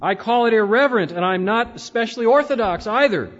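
A stuffy male magistrate, brisk and irritated, as a preacher reads him aloud. His voice sits high and swings sharply up and down. It sounds dull and hollow, with a long reverb behind it. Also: lively intonation. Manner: brisk, huffy and disapproving. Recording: dull, reverberant hall recording.

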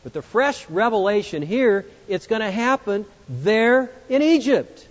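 A man preaching an expository sermon, emphatic, swinging between loud exclamations and hushed, reflective passages. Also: high voice, big pitch swings, unhurried. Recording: muffled sound with long hall reverb.

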